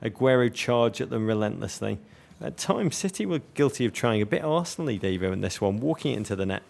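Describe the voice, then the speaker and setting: A man's voice: on the low side, lively intonation, fast talker, vocal fry, darkish tone. A man from North West England co-hosting a football podcast, talking in a florid, joking way full of vivid comparisons. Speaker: podcast co-host. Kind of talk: comic football chat.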